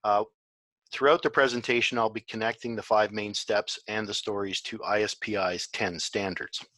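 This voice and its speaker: A man presenting a webinar in a relaxed way, with many fillers. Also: fairly low pitch, moderate pace, no echo. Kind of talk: online presentation.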